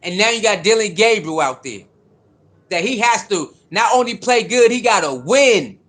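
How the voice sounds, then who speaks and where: This male sports commentator's voice sits high, and his pace is moderate. Animated and preachy, he goes on a repetitive, heated, casual tirade over the quarterback decisions a football team has made.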